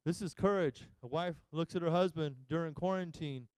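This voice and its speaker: A man's voice: a little high, normal speed, a little mellow, clean tone, dry recording. A male pastor giving a humorous sermon, telling stories and acting out the voices of the people in them. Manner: jokey storyteller acting out quoted voices. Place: church service live stream.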